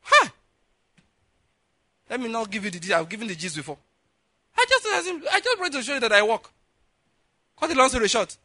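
A preacher from Nigeria tells a story from the pulpit, acting out each character's lines. His voice sits high and bright, and it swings widely in pitch. The sound is dry and close, with almost no room in it. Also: fairly quick, pauses often, dry recording. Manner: animated storyteller, acts out dialogue, laughs often. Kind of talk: sermon storytelling.

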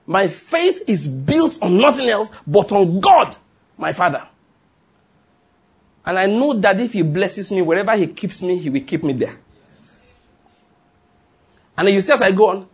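A man's voice: sits high, slightly rough. A middle-aged man preaching a sermon as a pastor, emphatic and repetitive, breaking into chuckles.

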